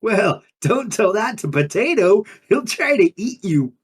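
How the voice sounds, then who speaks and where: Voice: medium pitch, very animated, measured pace, slightly rough. A performer playing a laid-back undine monk who talks in drawling surfer slang, in an improvised in-character interview. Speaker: player character.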